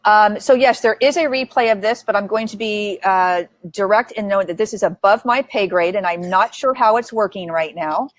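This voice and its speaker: A woman's voice: medium pitch, normal speed, hardly any pauses, no echo. A woman hosting a webinar, talking in a direct, upbeat and chatty way. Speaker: webinar host. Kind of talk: casual webinar chat.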